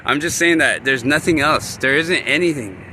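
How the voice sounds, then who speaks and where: A man's voice: fairly high pitch, lively intonation, normal speed, pushed and bright. A man vlogging outdoors at a city bus stop, talking candidly in a rambling way with many fillers and restarts. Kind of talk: rambling personal vlog. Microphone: handheld camera. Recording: outdoor street noise and traffic.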